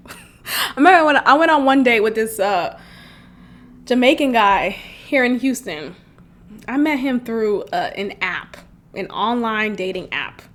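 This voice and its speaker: High-voiced woman in her thirties, laughing a lot. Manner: laughs often, animated and chatty. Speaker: podcast host. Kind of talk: casual comedic monologue.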